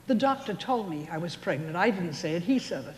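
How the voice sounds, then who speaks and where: A woman's voice: on the low side, animated, a little fast, slight background noise. A woman in her seventies doing a chatty stand-up routine on a casino stage, telling stories and acting out the punchlines. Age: 70s. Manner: chatty storytelling with voiced punchlines. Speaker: stand-up comedian. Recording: echoey hall with faint ambience.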